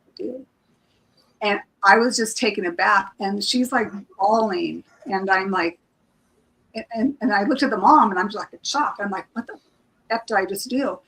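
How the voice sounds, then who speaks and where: A woman's voice: mid-range voice, normal speed, fairly bright tone, low-quality recording. A woman, a psychic reader guest, retelling a personal experience in a casual, emotional way, with many restarts and acted-out quotes. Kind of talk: casual storytelling on a live stream.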